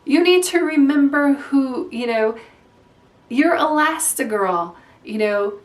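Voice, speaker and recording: A woman's voice: sits high, animated, takes it slowly, voice pushed up. Woman voicing a bossy costume designer, Edna. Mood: scolding. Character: bossy older female superhero costume designer. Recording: roomy and distant from mic.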